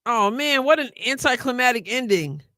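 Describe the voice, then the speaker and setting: A middle-aged woman hosts a live stream, her voice bright and forceful. She chats casually and excitably, thinking aloud and talking back to her viewers. The sound is dry and close, with no room around it. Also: fairly high pitch, normal speed, dry recording. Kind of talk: casual live commentary reacting to a sports draft.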